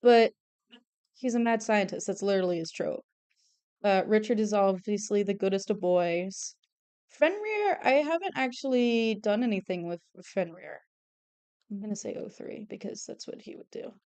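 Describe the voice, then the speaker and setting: A young woman chats casually into a desk mic while she draws on stream. Her voice is smooth and clear and sits at an ordinary pitch. The sound is dry and close. She rambles, laughs easily and makes fun of herself. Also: expressive, moderate pace, darkish tone, dry recording. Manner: chatty, rambling, self-deprecating, laughs often. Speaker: streamer and artist. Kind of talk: casual chat while drawing.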